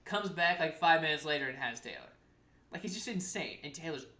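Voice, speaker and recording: A young adult telling a story in casual podcast chat, animated, acting out quotes, swearing freely and saying "like" constantly. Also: medium pitch, a little fast.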